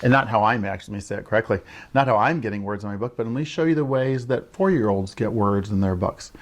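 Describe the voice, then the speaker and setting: An early childhood literacy educator, a man with a lowish voice, explains the steps of early writing to parents at a quick pace over a noisy background. He checks in often with "right?" and models the lines he'd say to children.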